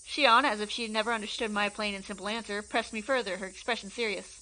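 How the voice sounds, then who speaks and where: A woman narrating a horror visual novel aloud in an expressive, steady reading style. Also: mid-range voice, fast talker, very noisy.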